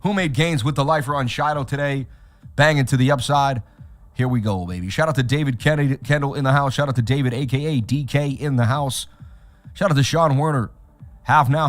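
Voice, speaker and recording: A man hosting a crypto trading livestream, talking in an excitable hype-man way with repeated catchphrases. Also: medium pitch, fairly quick. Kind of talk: hyped livestream chat.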